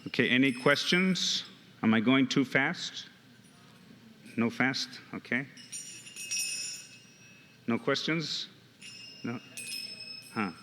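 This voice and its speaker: A man teaching a hands-on music workshop, speaking slowly and haltingly, often repeating words and counting beats aloud. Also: medium pitch. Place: temple hall. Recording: temple hall reverb, faint noise.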